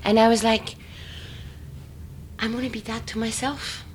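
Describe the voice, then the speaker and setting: A woman in a casual, expressive chat, full of fillers and quick laughter. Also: on the high side, a little hiss or hum. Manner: chatty and expressive, many fillers, frequent laughter.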